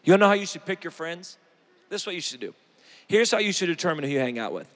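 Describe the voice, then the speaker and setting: A man preaching a sermon, fervent and emphatic, building to shouts. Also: high voice, big pitch swings, quick pace, long reverb tail.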